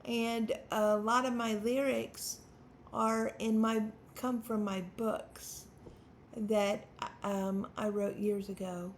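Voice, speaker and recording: Slow-talking woman in her fifties, gravelly. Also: fairly high pitch, flat delivery, a little hiss or hum. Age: 50s. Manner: nervous, stammering, self-deprecating with laughs. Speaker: songwriter and channel host. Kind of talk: unscripted talk to camera.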